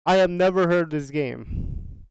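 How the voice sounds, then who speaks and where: Unhurried man hosting a podcast. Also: on the high side, vocal fry, darkish tone, smooth, dry recording, highs cut off. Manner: unhurried, chatty, restarts phrases, slangy asides. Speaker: podcast host. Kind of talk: casual podcast commentary on game sales data.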